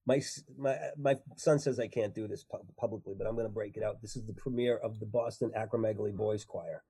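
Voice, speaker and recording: A man chatting casually as a comedian guest, animated and laughing often between silly bits. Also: lowish voice, fast, breathy edge. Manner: animated, laughs a lot, jumps into silly voices.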